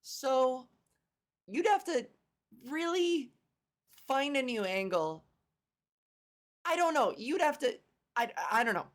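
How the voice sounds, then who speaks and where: This stand-up comedian's home-recorded solo podcast is casual and meandering, laced with swearing and jokes at her own expense. Her high voice is animated but slow, with long pauses between thoughts.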